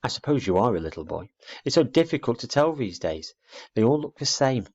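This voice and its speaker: A man's voice: medium pitch, sing-song, brisk, a little mellow, voice pushed up. A man voicing a fussy, prim, short-sighted old lady in a storybook reading, dull lo-fi recording. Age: older. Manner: prim, scolding, genteel.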